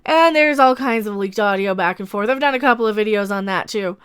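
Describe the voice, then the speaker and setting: A woman's voice: mid-range voice, fairly quick, a bit bright, clean tone. A woman giving rambling, sarcastic and opinionated commentary as an online commentator.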